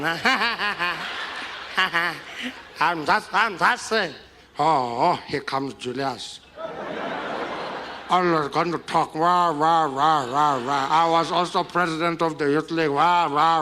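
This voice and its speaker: A man's voice: on the high side, noisy background, close to an everyday voice. A comedian putting on the voice of a chuckling elderly male former president in his nineties. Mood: teasing. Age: 90s (figure). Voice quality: slow, halting, chuckling delivery.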